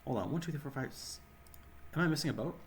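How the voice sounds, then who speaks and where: A hoarse man with a sore throat giving rambling gameplay commentary, correcting himself as he goes. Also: fairly high pitch, lively intonation, fast talker, a little hiss or hum. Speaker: game channel host.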